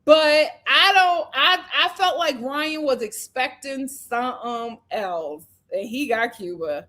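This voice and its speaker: A woman's voice: high voice, lively intonation, takes it slowly, pushed and bright. A woman hosting a casual live review of a reality dating show, chatty and opinionated, acting out what the cast said. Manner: chatty, opinionated, acts out cast members' lines.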